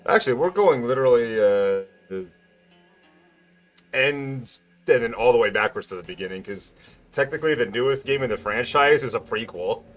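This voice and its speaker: A man's voice: medium pitch, expressive, normal speed, soft background music. A man streaming, chatting casually and joking with frequent laughter. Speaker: streamer voicing a game.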